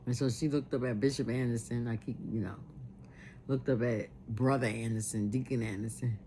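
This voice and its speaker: A woman's voice: rumbling low, fairly even intonation, brisk, warm tone, slight background noise. A woman telling a personal family memory in an earnest way, often repeating herself as she recalls it. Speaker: storyteller.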